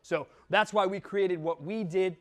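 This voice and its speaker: A man's voice: sits high, measured pace, a bit bright. A man from Wisconsin giving a blunt, joking conference talk and swearing now and then. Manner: blunt, swears, jokes with audience. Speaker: conference speaker. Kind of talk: keynote talk. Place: conference hall.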